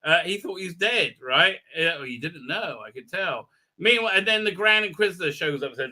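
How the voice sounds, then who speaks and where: Bright-voiced rambling male streamer. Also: a little high, animated, normal speed. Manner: rambling, crude, full of fillers and restarts. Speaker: live show host. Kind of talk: casual live stream recap.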